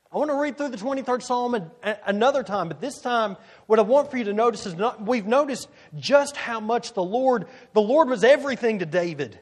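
A man preaching a sermon, reading scripture slowly and deliberately with strong emphasis. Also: very high-pitched, lively intonation. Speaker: pastor.

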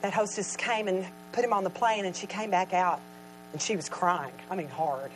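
A woman telling a personal story in a sermon, animated and laughing, then dropping to a soft, nearly whispered voice in tender moments. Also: fairly low pitch, moderate pace, a little hiss or hum, rough recording. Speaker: Christian speaker telling a story.

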